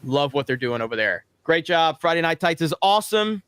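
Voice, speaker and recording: A man's voice: fairly high pitch, big pitch swings, a little fast, fairly bright tone, clear, resonant tone, no room sound. A man co-hosting a live stream, casually thanking guests and chat as he signs off. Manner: upbeat, thanking everyone. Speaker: co-host.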